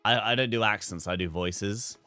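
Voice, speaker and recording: A man's voice: fairly low pitch, moderate pace, bright, forceful tone, clean tone, soft background music. A young man streaming a game, chatting casually, swearing freely and breaking into laughter. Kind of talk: live gameplay commentary.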